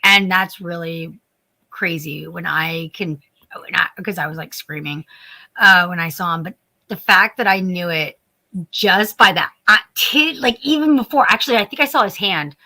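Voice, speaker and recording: A woman co-hosting a nerdy chat show, her voice bright and clear. She talks in a rambling, animated way, restarting her sentences as she tells stories. She sounds a little sleepy. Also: fairly low pitch, normal speed. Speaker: podcast co-host. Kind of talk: casual chat.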